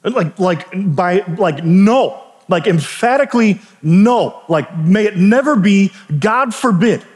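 A man preaching a sermon in a relaxed, conversational way, often restarting phrases and tossing in asides to the congregation. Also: high voice, measured pace. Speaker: pastor. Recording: long reverb of a large hall.

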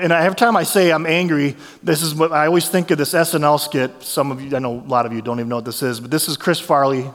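A man preaching a sermon as a pastor, telling stories in a conversational, animated way with restarts. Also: on the high side, big-room sound.

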